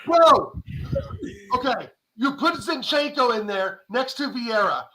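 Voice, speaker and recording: A man ranting furiously as a panel guest on a football fan show, swearing and shouting. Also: very high-pitched, animated, moderate pace, low-quality recording. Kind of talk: heated fan rant.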